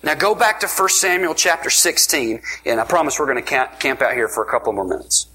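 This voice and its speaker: A man preaching a sermon in an energetic, emphatic way, often repeating words as he builds his point. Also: mid-range voice, brisk, husky, low-quality recording.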